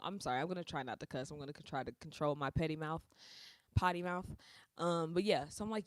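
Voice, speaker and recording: Chatty woman host, slightly low voice, dry close mic, casual slangy bedroom livestream talk. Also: quick pace, no room sound. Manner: chatty, slangy, laughs often. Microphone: small close mic.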